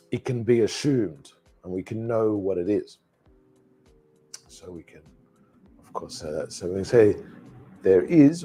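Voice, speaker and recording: A man teaching English alone in a live online lesson, repeating phrases slowly for pronunciation practice. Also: fairly low pitch, dark tone, breathy edge.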